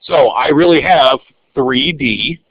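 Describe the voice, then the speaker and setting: A math teacher with a gravelly mid-range voice speaks slowly while teaching a live online algebra review, upbeat as he calls on students by name. The recording is dry and dull with a lo-fi quality and no room sound.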